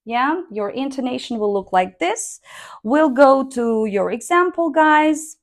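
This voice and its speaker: Woman, teacher, slow deliberate delivery, fairly high voice. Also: animated. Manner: slow, deliberate, models intonation by reading sentences aloud. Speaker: English speaking teacher. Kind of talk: online language lesson.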